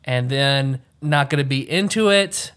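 A man's voice: mid-range voice, a little slow, a bit bright, clean tone. Male podcast co-host, casual, crude humor. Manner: bawdy jokes, laughs easily. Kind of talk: casual chat.

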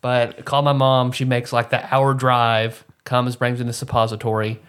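A man's voice: mid-range voice, flat delivery, moderate pace, fairly bright tone, clean tone. Wry man co-hosting a podcast. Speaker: podcast co-host. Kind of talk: casual chat.

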